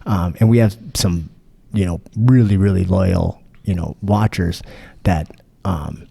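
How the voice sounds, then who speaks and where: A man's voice: sits low, a little slow, gravelly, dark tone, slightly rough, no room sound. A man hosting a podcast in casual chat. He rambles, swears freely and restarts his sentences. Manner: rambling, profane, many restarts. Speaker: podcast host.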